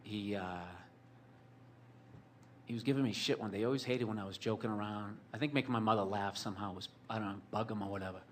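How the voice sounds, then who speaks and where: A man's voice: lowish voice, fast talker, a little hiss or hum. A man telling a long personal story in a rambling, profane, sardonic way, full of fillers like "like" and "you know". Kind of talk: storytelling monologue.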